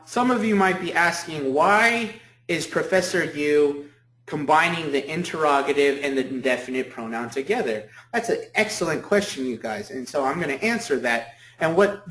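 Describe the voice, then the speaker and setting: A man's voice: fairly high pitch, a bit bright. Echoey lecturing male professor. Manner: repeats key points, asks "okay?" often. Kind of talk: university lecture. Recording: echoey room.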